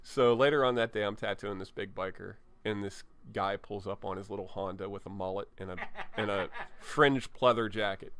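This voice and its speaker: A man's voice: lowish voice, moderate pace, few pauses, a bit bright, clear, resonant tone. A tattoo artist telling candid, profane stories from his shop in an interview, often restarting his sentences. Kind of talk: storytelling in an interview. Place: tattoo studio.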